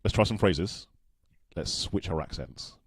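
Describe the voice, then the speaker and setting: A man from Britain with a non-regional British accent, chatting casually and quickly, poking fun at himself on a video call. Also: sits low, animated, slightly rough, no room sound. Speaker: podcast guest. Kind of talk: casual chat.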